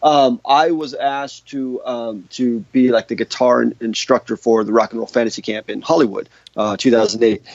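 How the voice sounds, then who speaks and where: A man's voice: medium pitch, steady tone, normal speed, few pauses, a little mellow, dry recording. Rambling male guitarist telling a story. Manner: rambling, many restarts and fillers. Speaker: guest guitarist. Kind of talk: casual interview storytelling. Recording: dull lo-fi dry sound.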